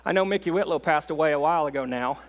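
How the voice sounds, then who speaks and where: A man speaks from a church pulpit as a visiting missionary. He talks in a folksy, halting way and pokes fun at himself. His voice sits slightly high. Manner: folksy, self-deprecating humor, halting restarts. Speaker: guest preacher, missionary. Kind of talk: sermon, casual storytelling. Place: church sanctuary.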